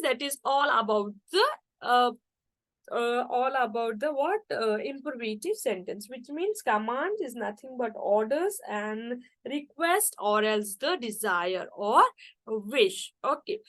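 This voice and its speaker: A woman teaches an online English class over a video call. Her voice sits a little high, and she moves through each point step by step, stopping often to say "okay" or "guys" to her students. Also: a bit bright.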